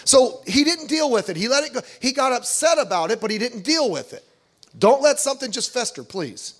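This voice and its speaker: A man's voice: extremely high pitch, expressive, brisk. A middle-aged man preaching a sermon, reading scripture aloud and acting out quoted voices with animation. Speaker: pastor.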